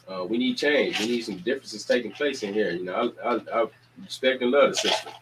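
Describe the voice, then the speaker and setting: Energetic man rallying his community. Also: lowish voice, fairly quick, noisy background. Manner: preacher-like repetition, energetic calls to action. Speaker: community organizer and show host. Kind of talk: casual community announcements.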